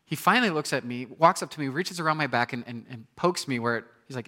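Medium-pitched and quick, a pastor in his thirties acts out scenes from a personal story during his sermon. His telling is animated, punctuated by abrupt loud outbursts.

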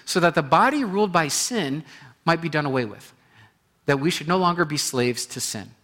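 A man preaching a sermon in an animated way, acting out inner voices and repeating phrases for emphasis. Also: fairly high pitch. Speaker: pastor.

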